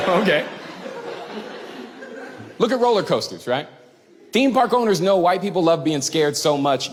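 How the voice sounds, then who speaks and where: A man performing a stand-up comedy routine on a club stage, animated and crowd-baiting, swearing freely and acting out other people. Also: fairly high pitch, in a large hall, background noise.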